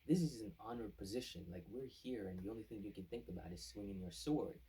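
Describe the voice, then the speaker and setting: Angry status-hungry soldier, as a man puts him on, scolding, husky, low-pitched. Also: fast, mellow, recorded from a distance, low-quality recording.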